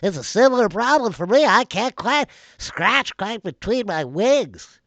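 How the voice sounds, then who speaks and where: A woman's voice: mid-range voice, big pitch swings, measured pace, fairly bright tone, dry recording. A woman playing a tabletop role-playing game, chatty and rambling in character. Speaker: player.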